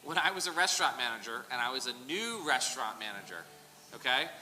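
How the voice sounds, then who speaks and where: Animated man teaching a Bible study. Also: medium pitch, fast talker. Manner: animated, digressive, joking asides. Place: church hall. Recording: reverberant hall, faint noise.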